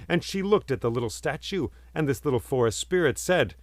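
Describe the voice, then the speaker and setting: A man telling a folk tale aloud, expressive and lingering on vivid words, sometimes dropping to a hush. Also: medium pitch, a little fast, hardly any pauses, no echo. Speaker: storyteller and podcast host. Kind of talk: oral storytelling.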